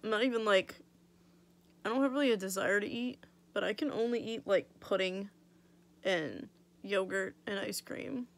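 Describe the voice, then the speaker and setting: Gravelly, chatty young woman. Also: mid-range voice, normal speed, pauses often. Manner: chatty, blunt, swears freely, lots of "like". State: recovering from oral surgery, swollen mouth. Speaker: vlogger. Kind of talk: casual storytelling vlog.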